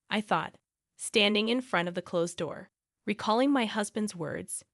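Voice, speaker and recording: A woman's voice: mid-range voice, unhurried, fairly bright tone, no room sound. Woman narrating a story, dry close sound. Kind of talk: first-person story narration.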